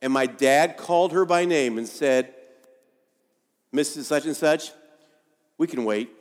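A man's voice: on the high side, a little slow, in a large hall. A man preaching a sermon and telling a story, acting out the people in it. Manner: storytelling, acts out quoted voices. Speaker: pastor.

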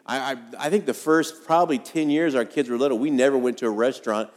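A man's voice: mid-range voice, fairly even intonation, fast talker. A man in his fifties preaching a sermon as pastor, telling homespun stories with self-deprecating humor in a conversational way. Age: 50s. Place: church sanctuary. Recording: long hall reverb.

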